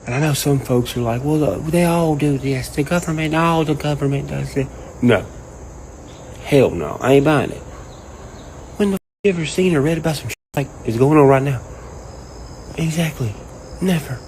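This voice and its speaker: A man with a drawl rants in a loose, profane, rambling way, and he keeps slipping into mocking voices. His voice sits a bit high for a man. Faint crickets chirp in the night air around him. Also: normal speed, pauses often, slight background noise, poor audio. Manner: profane, rambling, animated, quotes people in mock voices. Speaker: online commentator. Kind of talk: casual rant to camera.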